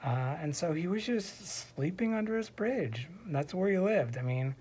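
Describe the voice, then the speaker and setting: A man casually tells a silly fairy tale from a hospital room, rambling into digressive asides and sometimes dropping to a whisper. His voice sits high and is expressive and unhurried, with a darkish tone and a breathy edge.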